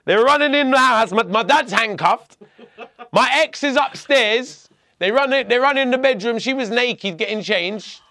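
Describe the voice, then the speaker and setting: A man telling a personal story as a podcast guest, blunt and animated, often restarting his sentences. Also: extremely high pitch, normal speed.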